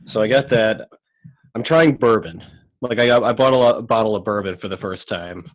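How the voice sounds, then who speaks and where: A man, a guitarist and music teacher, talking casually into a USB microphone on a remote call, relaxed and rambling with lots of "like". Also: fairly low pitch, normal speed. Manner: relaxed, rambling, heavy use of "like". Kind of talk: casual chat.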